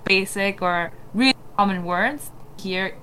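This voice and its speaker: A woman's voice: mid-range voice, unhurried, pushed and bright, slight background noise. A woman co-hosting a podcast, chatting casually and agreeing often. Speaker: podcast co-host. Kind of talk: casual chat.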